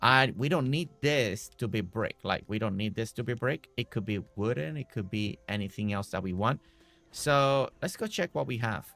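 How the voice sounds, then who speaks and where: A man's voice: on the low side, expressive, moderate pace, vocal fry, a bit bright, dry recording. A man streaming a building game, chatting casually and talking to the characters on screen. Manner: chatty, talks to game characters, repeats himself. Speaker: gaming streamer.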